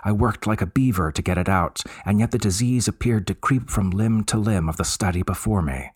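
A man reads a gothic tale aloud in a measured, unhurried way. His voice is very low and husky, close on the mic in a dry room. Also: no room sound. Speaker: narrator. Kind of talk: scripted story narration.

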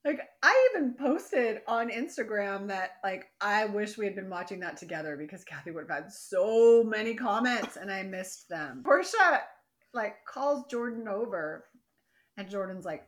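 Podcast co-host, woman, lively and worked up, acts out scenes while she recaps. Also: medium pitch, unhurried. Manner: animated, exasperated, acts out characters' lines. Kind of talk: casual chat recap.

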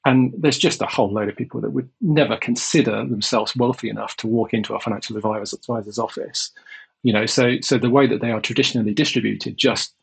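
Gravelly husky man explaining earnestly. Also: mid-range voice, poor audio. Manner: earnest, measured, explaining at length. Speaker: guest, life insurance company representative. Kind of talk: interview answers.

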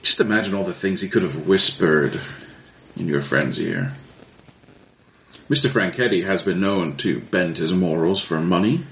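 A man playing a calm, mocking villain who taunts his victim in a tabletop game. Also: low-pitched, normal speed. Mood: menacing. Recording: roomy with faint noise.

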